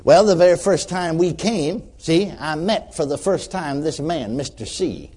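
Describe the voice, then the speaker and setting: A male preacher telling a story from the pulpit in a folksy, animated manner. His voice sits a little high and rises and falls freely as he acts out the scene. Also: a little slow, slightly rough. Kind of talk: storytelling sermon.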